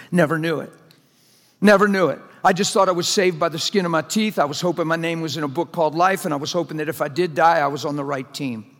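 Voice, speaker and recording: High-voiced preacher man in a reverberant hall. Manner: conversational, jokey, presses the crowd with questions. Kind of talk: sermon. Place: large church hall before a congregation.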